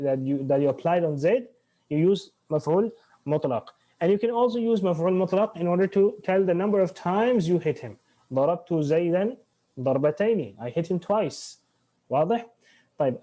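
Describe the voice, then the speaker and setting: A man's voice: sits high, dark tone. A man teaching Arabic grammar in an online class, switching between English and Arabic, restarting phrases and quizzing his students.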